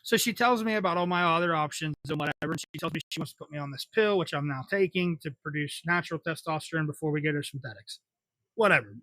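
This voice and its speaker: A man's voice: on the high side, pushed and bright, dry recording. Blunt, cursing young man telling stories. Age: 20s. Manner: profane, blunt, wry. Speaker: podcast host. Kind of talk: casual storytelling.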